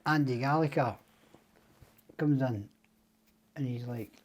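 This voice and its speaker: A man's voice: medium pitch, slow pace. An older Scottish man, a podcast guest, telling stories in casual chat. He swears freely and acts out the voices of the people he quotes. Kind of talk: casual storytelling.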